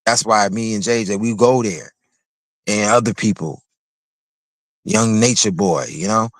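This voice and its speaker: A man's voice: on the low side, unhurried, dry recording. A man hosting a livestream, delivering a heated, confrontational commentary rant with repetitive, mocking phrasing. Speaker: livestream host.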